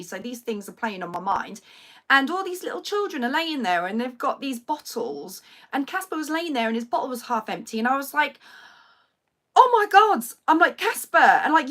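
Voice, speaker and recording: Woman in her 30s on a livestream, bright high voice, does all the voices when she tells a story. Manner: animated storytelling, acts out quoted voices. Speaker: livestream host. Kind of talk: casual chat.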